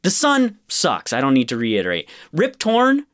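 Profanity-heavy, animated ranting man. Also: medium pitch, moderate pace. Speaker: podcast co-host reviewing a film. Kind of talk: casual chat.

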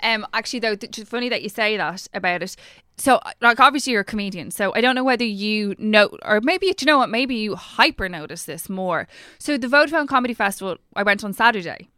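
Woman, podcast co-host, chatty, rambling, bright, smooth voice. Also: medium pitch, expressive, quick pace, no echo, studio quality. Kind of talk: casual podcast chat.

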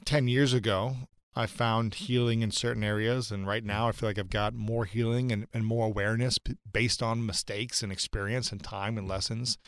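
A man's voice: on the low side, flat delivery, moderate pace, few pauses, clean tone, dry recording, studio quality. A man who is a guest on a podcast, talking openly and reflectively about personal growth. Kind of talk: interview conversation.

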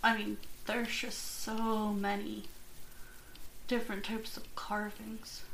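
A woman's voice: mid-range voice, level tone, slow, slight background noise, low-quality recording. A woman hosting a podcast in casual chat, rambling and chatty with jokey asides. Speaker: podcast host.

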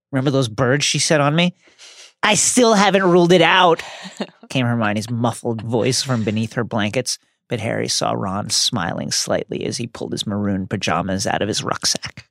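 A man's voice: fairly bright tone, no echo, clean studio sound. A man co-hosting a podcast, reading book passages aloud with hammy, theatrical flair. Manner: hammy, theatrical reading with big pitch swings. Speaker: podcast co-host. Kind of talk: casual chat and reading aloud.

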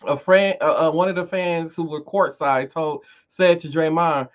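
A man's voice: on the high side, fairly even intonation, normal speed. A man hosting a casual podcast chat, speaking bluntly and emphatically with frequent restarts. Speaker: podcast host. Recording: dull lo-fi sound.

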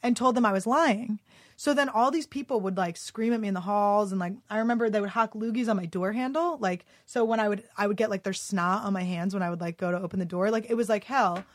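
A woman's voice: mid-range voice, quick pace, dry recording, clean studio sound. A young woman, a comedian guest in a casual podcast chat, telling a heated story with lots of swearing and "like". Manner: heated, profane storytelling full of "like".

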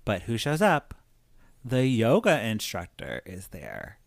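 A man casually retelling a film's plot, rambling and animated, peppering his talk with "like" and acting out the characters' lines. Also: lowish voice, slow, creaky, no room sound. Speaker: podcast host recapping a film.

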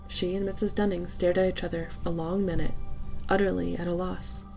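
A woman narrating a classic story in a measured, expressive audiobook style. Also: on the low side, creaky, soft background music.

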